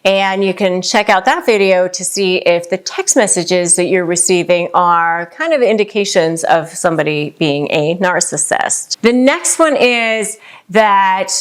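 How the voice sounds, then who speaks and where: A middle-aged woman hosting an advice talk, speaking conversationally to camera and acting out quoted lines in quick asides. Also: on the low side, smooth. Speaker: host.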